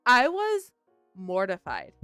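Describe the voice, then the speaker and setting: A woman's voice: medium pitch, takes it slowly, smooth, no room sound, faint music behind. A woman co-hosting a podcast, telling her own stories candidly in casual chat and acting out her reactions. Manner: animated storyteller, acts out her own reactions. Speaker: podcast co-host.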